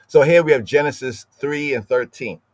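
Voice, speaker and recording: Male podcast teacher, mid-pitched, dry studio sound, keeps checking in with "right?". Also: normal speed, no room sound. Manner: explanatory, keeps adding "right?" and repeats words; lingers over word pronunciations. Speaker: podcast host teaching scripture. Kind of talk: live-streamed scripture study.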